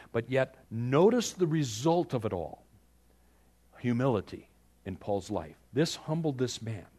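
A middle-aged man preaching a sermon, swinging from loud pleading outbursts to hushed, quiet lines with dramatic pauses. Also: mid-range voice. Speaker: pastor.

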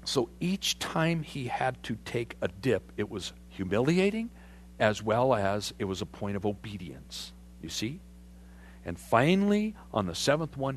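Animated male preacher, lively pitch. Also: a little hiss or hum. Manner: animated, conversational, asks the congregation questions. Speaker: pastor. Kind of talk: sermon.

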